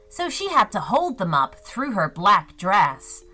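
A woman narrating a children's story in an expressive, sing-song storytelling way. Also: mid-range voice, unhurried, few pauses, faint music behind.

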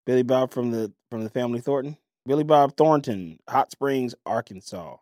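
A man's voice: mid-range voice, moderate pace, mellow, dry recording, studio quality. A man co-hosting a podcast, laid-back and joking as he recaps. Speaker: podcast co-host. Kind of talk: casual chat.

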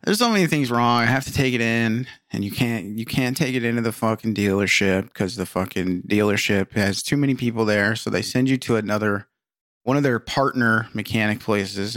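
A man's voice: fairly low pitch, a bit bright, dry recording, studio quality. A man co-hosting a podcast, joking around in profane, casual chat and laughing often. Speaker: podcast co-host.

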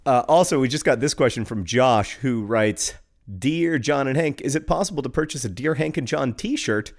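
Wry man, middle pitch. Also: animated, normal speed. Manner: wry, dry humor with frequent "like" fillers. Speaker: podcast co-host. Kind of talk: casual chat.

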